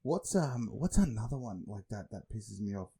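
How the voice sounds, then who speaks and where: A young man co-hosting a podcast, his voice lowish, creaky and husky at a moderate pace. He tells stories casually and animatedly, swearing a lot and laughing often.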